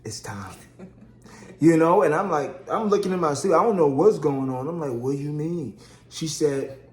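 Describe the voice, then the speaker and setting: A husband tells the story of his wife's labor for a casual vlog, lively and chatty, calling viewers "y'all" and performing the quotes. He speaks in a slightly high voice within an echoey room.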